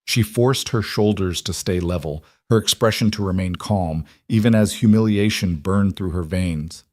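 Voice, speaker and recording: A man narrating a story in a steady, even storytelling manner. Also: low-pitched, moderate pace, no echo, clean studio sound. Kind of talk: scripted narration.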